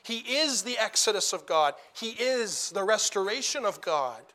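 A man preaching a sermon, emphatic and repeating phrases for stress as he builds to loud declarations. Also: sits high, lively intonation, moderate pace.

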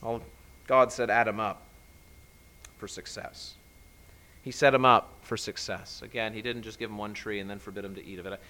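A middle-aged man preaching a sermon as a pastor, emphatic and animated, often restarting phrases. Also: on the low side, moderate pace, pauses often.

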